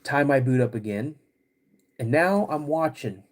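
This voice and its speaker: A man hosting a podcast, recounting a personal story in a halting, vivid way with many restarts. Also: mid-range voice, animated. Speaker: podcast host.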